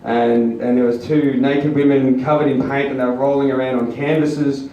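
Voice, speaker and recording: A man's voice: mid-range voice, level tone, moderate pace, mellow, lo-fi sound. Man, stand-up comic, rambling and crude, very echoey room, distant camera. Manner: rambling, many ums and uhs, crude and self-mocking. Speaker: stand-up comedian. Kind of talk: stand-up storytelling. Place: small comedy venue, audience laughing. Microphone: far camera. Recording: echoey room, taped from far off.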